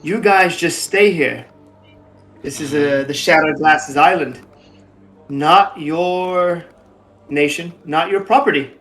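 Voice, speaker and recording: A man's voice: a little high, takes it slowly, long pauses, a bit bright, soft background music, pitched above the performer's own voice. A man voicing a cocky female mercenary leader with a brash, teasing manner. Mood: defiant.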